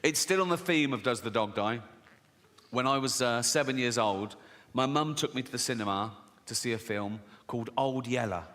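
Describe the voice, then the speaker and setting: A man's voice: medium pitch, moderate pace, a bit bright. A man doing a stand-up routine, telling stories in a profane, sardonic way and acting out the voices. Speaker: stand-up comedian. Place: theater stage. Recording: live in a large reverberant hall with faint noise. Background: audience laughter.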